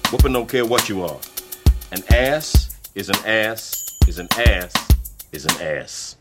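A man's voice: lowish voice, animated, takes it slowly. An actor playing a blunt, stern older grandfather in a sitcom clip, with a swooping, sing-song delivery. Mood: taunting. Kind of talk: sitcom acting. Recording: clip with loud music behind.

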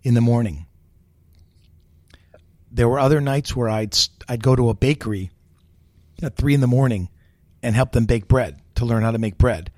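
Brief: middle-aged male chef, lively raconteur, close dry podcast mic. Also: medium pitch, normal speed, pauses often, no room sound. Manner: animated storyteller, many fillers, quotes others. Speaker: guest chef. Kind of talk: storytelling interview chat.

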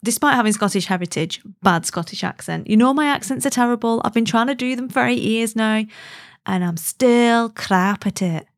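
A woman hosting a podcast in casual chat, bubbly and gushing, laughing often. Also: fairly high pitch. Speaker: podcast host.

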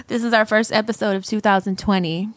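A woman's voice: medium pitch, fairly even intonation, fast, no room sound. A woman co-hosting a podcast in casual chat, playful and giggly, swearing freely. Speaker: podcast co-host.

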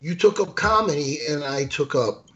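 A man co-hosting a talk show, chatting casually in a rambling, animated way and swearing freely. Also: fairly high pitch, normal speed, dull audio. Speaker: podcast co-host. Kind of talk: casual chat.

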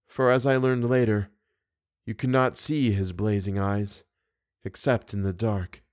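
A man voicing a frightened young woman who speaks in a hushed, trembling way, in an audiobook reading. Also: lowish voice, flat delivery, unhurried, no echo, clean studio sound, voice pushed down, lightly acted. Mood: haunted.

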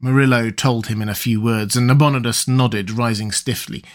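A man giving an audiobook narration of a pulp adventure story, with a steady, even delivery. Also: mid-range voice, normal speed.

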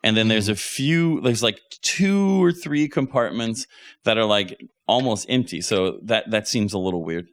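A man's voice: on the low side, lively intonation. A man narrating as game master in a casual tabletop role-play, with frequent restarts. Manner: casual, halting, many restarts.

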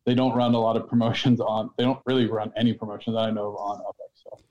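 A man co-hosting a casual podcast chat, joking and quick to laugh. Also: fairly low pitch, level tone, darkish tone. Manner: jokey, laughs easily. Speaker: podcast co-host. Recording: slightly dull, muffled sound.

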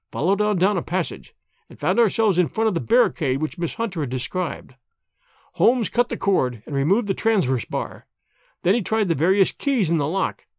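A man narrating an audiobook in a measured, expressive storytelling manner. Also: sits high, dry recording, studio quality.

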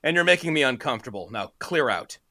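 A man voicing a stern, blunt male tough guy with a low growl, in a comedic story reading. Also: sing-song, fast, gravelly, sharp tone, no echo, clean studio sound, exaggerated voice.

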